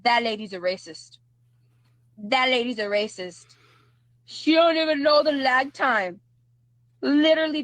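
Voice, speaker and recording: Woman, livestream host, high voice, dry sound; combative, mocking, says things twice. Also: a bit bright, no echo. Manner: combative, mocking, repeats herself. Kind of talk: heated livestream commentary.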